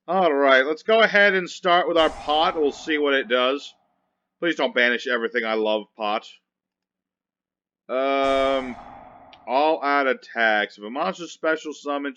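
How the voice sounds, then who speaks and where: A man's voice: medium pitch, lively intonation, measured pace, sharp tone, highs cut off, a little hiss or hum. A man giving casual commentary over his own card game, chatty and wry, grumbling sarcastically at his opponents. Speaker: gameplay commentator.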